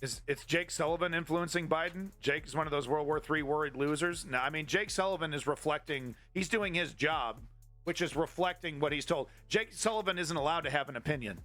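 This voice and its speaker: A man hosts a live-streamed political commentary show in a fairly high, bright voice. He rants with heavy profanity and biting sarcasm, while faint music plays underneath. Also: brisk. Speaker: host.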